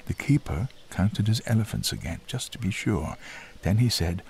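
A man narrating a children's storybook in a gentle, expressive way. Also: on the low side, moderate pace, creaky, breathy edge.

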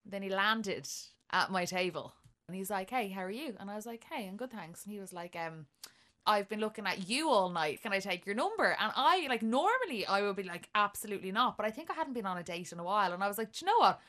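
A young Irish woman co-hosting a podcast, telling a dating story in a casual, animated way and laughing often. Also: mid-range voice, fast. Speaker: podcast co-host.

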